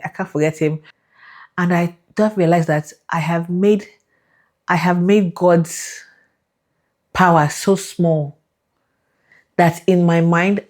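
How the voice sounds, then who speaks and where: A young woman tells a personal faith story straight to her viewers. Her voice sits on the low side, and she is lively and emotional, laughing as she acts out the people in her story. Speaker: vlogger sharing a faith testimony.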